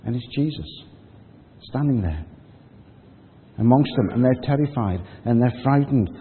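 Husky preacher in a reverberant hall. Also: male voice, mid-range voice, animated, a little slow. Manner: conversational storytelling, acts out quotes. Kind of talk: sermon. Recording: phone-like audio with long hall reverb.

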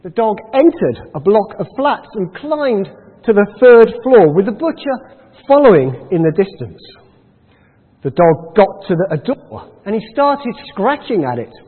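A man telling an illustrative story in a sermon, animated with dramatic pauses, heard through a tinny recording in a reverberant hall. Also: sits high, husky. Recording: tinny phone-like sound with long hall reverb.

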